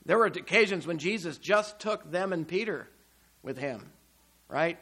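A man preaching a sermon, emphatic, with rhetorical questions and swings between loud and quiet. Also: on the high side, lively intonation, unhurried, husky. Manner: emphatic, rising and falling loudness, rhetorical questions.

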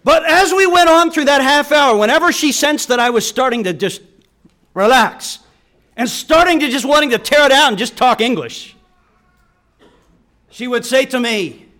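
A man's voice: very high-pitched, animated, moderate pace, pushed and bright. A middle-aged man preaching a sermon, telling stories and acting out the people in them with big swings in emphasis. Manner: storytelling with quoted voices and wide swings in emphasis.

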